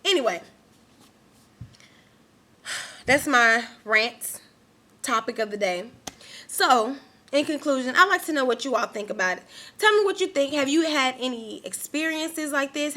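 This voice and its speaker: A woman's voice: sits high, bright, forceful tone. A young woman vlogging an angry rant to her camera, emphatic and repeating herself.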